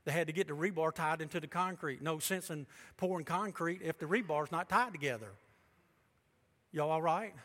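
A man preaching a sermon as pastor, swinging between loud, emphatic declarations and hushed asides. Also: fairly high pitch, moderate pace. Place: church sanctuary. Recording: long reverb of a large church hall.

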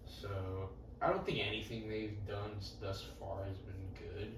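A man's voice: on the low side, little pitch movement, a little slow, background noise. A young man talking casually on a podcast, blunt and profane in his opinions. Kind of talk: casual chat. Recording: echoey room, mic at a distance.

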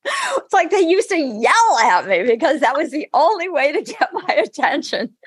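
A middle-aged woman, a spiritual teacher and guest, telling stories in a casual interview, animated and laughing often. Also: high voice, moderate pace, no echo, studio quality.

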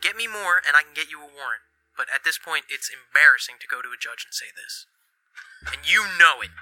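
Guy doing a fed-up police lieutenant, really bright sharp voice, dry sound, pushy and blunt. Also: a little high, lively intonation, fairly quick, no echo, soft background music, low-quality recording. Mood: exasperated. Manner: blunt, pleading and pressing. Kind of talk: in-character tabletop role-play.

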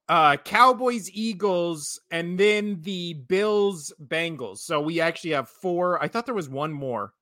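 Bright, joking man on a sports podcast. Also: high voice, no room sound, clean studio sound. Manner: joking, rambling, laughs often. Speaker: podcast co-host. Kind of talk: casual sports podcast chat.

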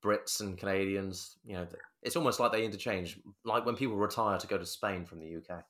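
Man, podcast host, very low voice, rapid talker, casual interjecting. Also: a bit bright. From England. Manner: conversational, eager interjections. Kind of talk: casual chat.

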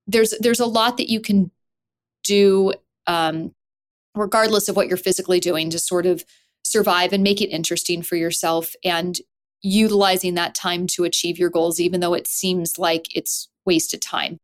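A woman actor and writer talking as a podcast guest, animated, with her voice leaping up often. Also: normal speed. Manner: animated, with wide swoops up in pitch. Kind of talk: conversational interview.

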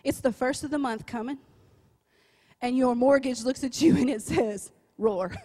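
A woman with a high voice delivers a lively sermon. She tells a story in a conversational way, often asking "right?", then rises into emphatic, repeated declarations. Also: moderate pace. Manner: rising, emphatic preaching. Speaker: preacher.

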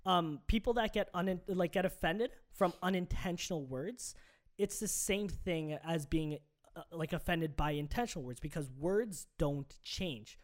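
A man's voice: fairly high pitch, unhurried. A man co-hosting a casual podcast, arguing his opinions emphatically and swearing freely. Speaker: podcast co-host.

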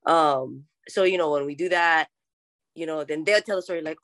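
A woman's voice: low voice, normal speed, a bit bright, dry recording. Young Hawaiian-accented woman, chatty and dry. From Oahu, Hawaii. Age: young adult. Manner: chatty, laughs often, mixes in Hawaiian words. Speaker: podcast guest. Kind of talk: casual conversational interview.

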